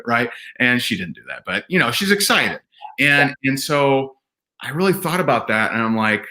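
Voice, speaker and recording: A man telling personal stories as a podcast guest, earnest and animated, often restarting his sentences. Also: mid-range voice, normal speed. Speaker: podcast guest, event speaker. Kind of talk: candid conversational storytelling.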